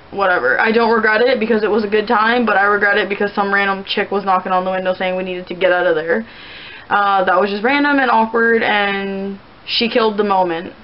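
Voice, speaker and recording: A woman's voice: mid-range voice, slight background noise. Chatty young woman, lo-fi. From Canada. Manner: rambling, chatty, many "like" fillers. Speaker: vlogger answering viewer questions. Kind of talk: casual chat to camera.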